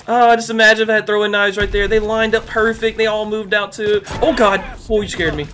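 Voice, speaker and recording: A man giving excitable, trash-talking commentary over his own gameplay, a little sick. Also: high voice, fairly quick, a little hiss or hum. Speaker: gaming YouTuber. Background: faint background music.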